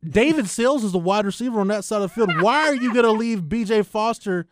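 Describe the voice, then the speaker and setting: A man's voice: high-pitched, expressive, brisk, noisy background. A man co-hosting a casual sports podcast, analytical as he breaks down plays. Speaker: podcast co-host and film analyst.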